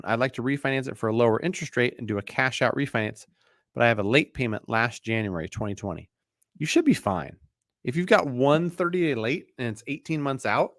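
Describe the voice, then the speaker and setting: A man's voice: mid-range voice, dry recording. Tired, chatty man on a dry mic. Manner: relaxed, chatty, many fillers and restarts. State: tired, yawning. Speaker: mortgage broker hosting a live Q&A. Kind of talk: casual live-stream Q&A.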